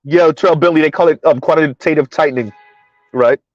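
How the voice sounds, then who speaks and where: A man's voice: fairly high pitch, a little fast, no room sound, highs cut off, faint music behind. A man giving casual commentary to his viewers while driving through floodwater, chatty, repeating himself and laughing often. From South Florida. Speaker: commentary vlogger.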